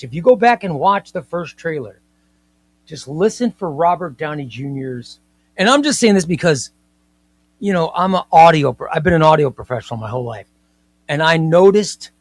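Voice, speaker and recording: A man hosting a casual comics livestream, talking emphatically, repeating his points and reading viewer comments aloud. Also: on the high side.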